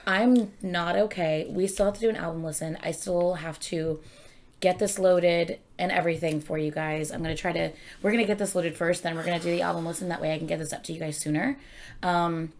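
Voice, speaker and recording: A young woman hosting a reaction video, excitable and gushing, swearing freely and rambling in casual chat. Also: on the low side, fairly quick.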